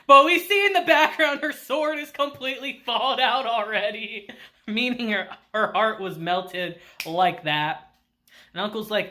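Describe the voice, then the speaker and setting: A woman casually recapping an anime episode, laughing often and acting out the characters. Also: on the high side. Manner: laughs often while retelling; animated, acts out characters in quick asides. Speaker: anime reviewer.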